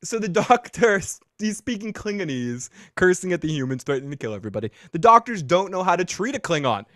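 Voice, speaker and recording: A man's voice: high-pitched, sing-song, brisk, fairly bright tone, dry recording, studio quality. A man hosting a casual recap show, jokey and crude, often laughing at his own jokes. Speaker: podcast host.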